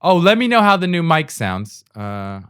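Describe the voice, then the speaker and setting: A man's voice: fairly high pitch, big pitch swings, normal speed, fairly bright tone, clean tone, dry recording, studio quality. A man hosting his own podcast in a rambling, self-deprecating comic monologue, laughing between phrases, recorded on a USB mic. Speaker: podcast host. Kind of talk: solo comedic monologue. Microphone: secondhand USB mic.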